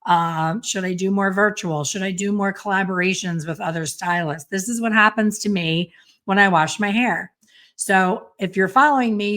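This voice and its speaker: A middle-aged woman hairstylist hosting a casual solo podcast, chatty and self-deprecating with quick asides. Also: lowish voice, fairly bright tone. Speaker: podcast host and hairstylist educator.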